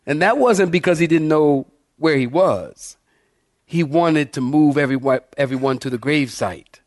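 Pastor guy preaching, kinda high voice, dry close sound, keeps asking "y'all with me". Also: moderate pace, no echo. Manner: asks the congregation for responses, emphatic. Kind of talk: sermon.

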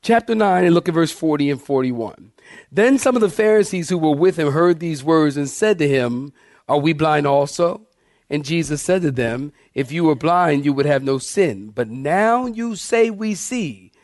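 Here the pastor calls his listeners saints and asks them to follow as he reads scripture in an expository sermon, varying pace and volume for emphasis. His voice leans high, animated, and a little mellow at normal speed, recorded cleanly in a studio with no room sound.

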